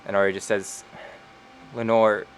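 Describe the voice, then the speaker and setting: A man narrating a tabletop role-playing game as game master, unhurried, with frequent fillers. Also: on the low side, fairly even intonation, fairly bright tone, slight background noise.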